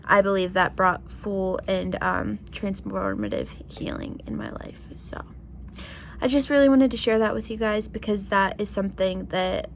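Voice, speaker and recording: A young woman talking straight to her viewers in an earnest, emotional vlog, filling her sentences with "like" and "you know". Her pitch sits in a middle range for a woman. A faint hiss of noise stays under her voice. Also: moderate pace, vocal fry. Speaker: vlogger. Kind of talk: heartfelt casual vlog talk.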